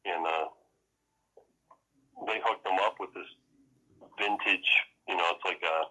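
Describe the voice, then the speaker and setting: Deep-voiced, rambling, profane man. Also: steady tone, a little slow, bright, forceful tone, husky, poor audio. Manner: rambling, profane, laughs often, acts out quotes. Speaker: podcast co-host. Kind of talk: casual chat.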